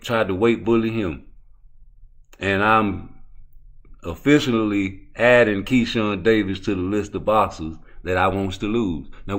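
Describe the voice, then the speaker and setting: Profane animated man ranting about boxing. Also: on the low side. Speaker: boxing commentary vlogger. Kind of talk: casual ranting commentary.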